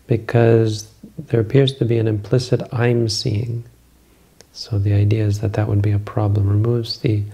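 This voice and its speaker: A man teaching meditation, answering questions in a calm, measured, explanatory way. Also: fairly low pitch, gravelly.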